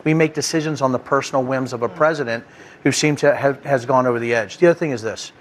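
A man's voice: mid-range voice, fast, slight background noise. A man speaking as a guest on a political panel, emphatic and personal, at times emotional.

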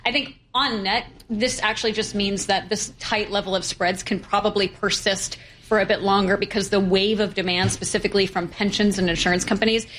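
A woman guest on a financial talk show, explaining credit and bond markets in a measured, fluent way with occasional fillers. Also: medium pitch, steady tone, a bit bright, slight background noise. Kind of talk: financial interview, analytical.

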